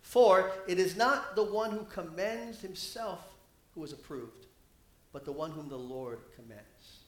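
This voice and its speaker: A man preaching a sermon, animated, his voice rising and getting louder when he quotes scripture. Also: high-pitched, measured pace, reverberant.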